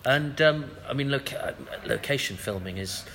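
A man hosting an interview podcast, asking questions in a brisk, chatty way. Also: medium pitch, lively intonation, fairly bright tone, a little hiss or hum. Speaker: podcast host. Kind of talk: casual interview.

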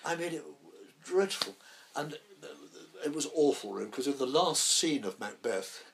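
A man's voice: fairly high pitch, lively intonation, normal speed, creaky, a crowd in the background. An actor in his eighties, a man, rambling through theatre anecdotes in an interview, often restarting his sentences. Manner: rambling storyteller, many restarts. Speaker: actor, guest.

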